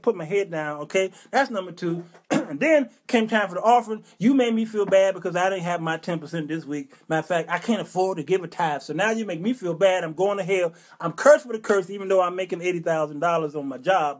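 A middle-aged man with a notably high speaking voice hosts his own show and rants in a lively comic tirade. He leans into exasperated, preacher-like rhetorical questions and a relaxed, drawling vernacular, his pitch leaping up and dropping low as he goes. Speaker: show host. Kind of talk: comic rant on a talk show.

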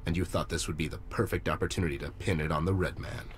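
An actor voicing a wisecracking teddy bear detective with a dry, gravelly, sardonic delivery. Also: male voice, sits low, steady tone, fast talker, slight background noise, lightly acted.

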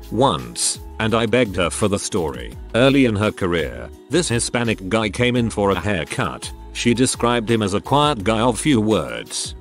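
A man narrating a string of internet stories, reading them aloud with wry asides between them. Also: fairly low pitch.

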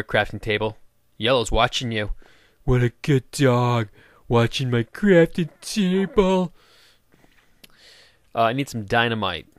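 A man's voice: mid-range voice, fairly bright tone, clear, resonant tone, no echo. Chatty man narrating a game. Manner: chatty, rambling, jokey, talks to game characters. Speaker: gaming video host. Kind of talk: casual let's-play commentary.

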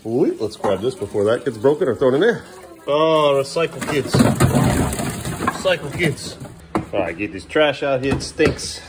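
Playful dad chatting at home. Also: male voice, medium pitch, big pitch swings, fast, few pauses, heavy background noise. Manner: playful, sing-song talk to his kids. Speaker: father and family vlogger. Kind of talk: casual home vlog chat with his children. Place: home kitchen.

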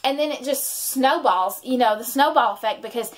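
A woman's voice: fairly high pitch, moderate pace. Heartfelt woman sharing her testimony. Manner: heartfelt, rambling with restarts. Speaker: vlogger and mother. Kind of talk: emotional personal testimony.

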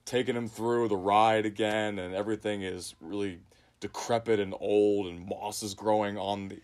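Low-voiced man chatting about a film. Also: steady tone, normal speed, darkish tone. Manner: enthusiastic, lots of "like" fillers. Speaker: podcast co-host. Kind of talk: casual film discussion.

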